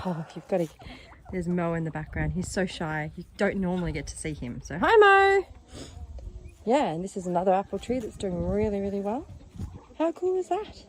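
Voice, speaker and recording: A woman's voice: medium pitch, background noise. A woman giving a casual vlog tour of a farm sanctuary, chatting to the camera and cooing baby talk at the animals as she films on her phone outdoors. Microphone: handheld phone while filming. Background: chickens, roosters and turkeys.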